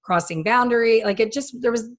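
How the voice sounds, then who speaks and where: Lively storytelling woman in her fifties. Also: a little high, fairly quick. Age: 50s. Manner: animated storyteller who acts out quotes. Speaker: hairstylist and podcast host. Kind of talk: casual storytelling chat.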